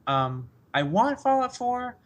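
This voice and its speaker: A man in a casual podcast chat, excitable and rambling, laughing often as he talks about games. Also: very high voice, slow pace. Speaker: podcast co-host.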